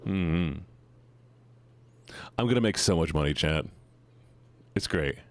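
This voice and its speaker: A man's voice: low-pitched, lively intonation, takes it slowly, dry recording. A man streaming live, chatting casually and teasing his chat with playful mock-villain boasts.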